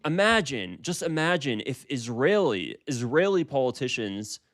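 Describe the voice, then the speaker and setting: A man's voice: mid-range voice, very animated, moderate pace, a bit bright. A man in his twenties giving casual political commentary, emphatic and repeating himself with frequent restarts. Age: 20s.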